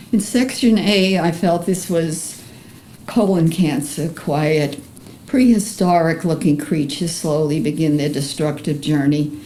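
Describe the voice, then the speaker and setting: An older woman with a Bronx accent, an artist reading a personal memoir aloud in an earnest, emotional, measured way. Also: deep voice, mellow, slight background noise, rough recording. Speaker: artist presenting her paintings.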